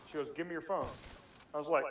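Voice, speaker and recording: A young man telling a rambling story among friends in a casual chat, animated and swearing, often laughing. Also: a little high, fast talker. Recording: echoey room, distant mic.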